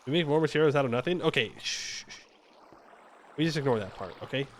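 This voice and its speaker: A man's voice: medium pitch, lively intonation, racing, a little hiss or hum. A man streaming a game live, chatting and joking with his viewers in a playful, mock-defensive way. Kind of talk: casual live-stream commentary while playing.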